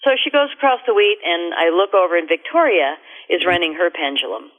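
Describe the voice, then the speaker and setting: A middle-aged woman, a radio guest, telling a story in an animated, expressive way. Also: fairly low pitch, fairly quick. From America. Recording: tinny phone line.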